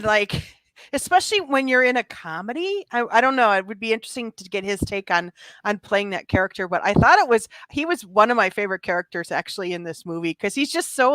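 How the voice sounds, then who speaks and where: A woman's voice: fairly high pitch, a bit bright, no echo. A woman guest on a movie review podcast, chatting and laughing about a film. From small town. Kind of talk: casual movie review chat.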